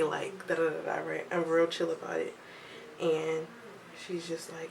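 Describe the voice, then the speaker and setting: A young woman telling a casual storytime vlog at home, lively and chatty, acting out what others said. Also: fairly low pitch, a little slow, gravelly, slight background noise, low-quality recording. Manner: chatty, animated quoting of others, laughs often. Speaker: vlogger.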